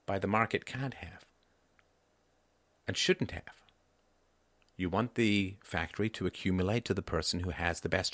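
A man in his fifties hosting a solo livestream, talking in a lively way and jumping up in pitch for emphasis and mock voices. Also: no echo. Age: 50s. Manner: rhetorical repeats, asks "right?". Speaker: livestream host. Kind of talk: solo political commentary.

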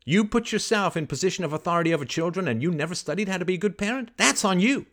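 A man hosting a call-in advice show, scripting a confrontation in forceful, indignant tones with rapid rhetorical questions and swearing. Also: high-pitched, animated. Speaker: host.

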